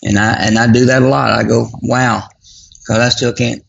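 Grieving guy guest, rough gravelly voice, breathy, keeps restarting his sentences. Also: medium pitch, flat delivery, highs cut off. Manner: reflective, halting, with repeated restarts. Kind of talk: casual conversation.

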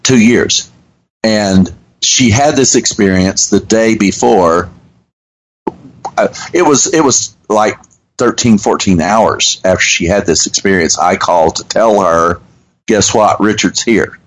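A man, hosting a radio show and telling a story in an earnest, halting way with restarts. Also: fairly low pitch, slight background noise, rough recording. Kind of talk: conversational storytelling.

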